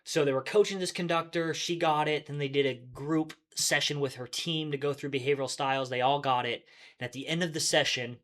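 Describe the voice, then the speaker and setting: A man's voice: a little high, steady tone, a little fast, fairly bright tone. A man hosting a workplace podcast, explaining in an upbeat, conversational way and chuckling often. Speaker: podcast host. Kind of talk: casual explanatory podcast talk.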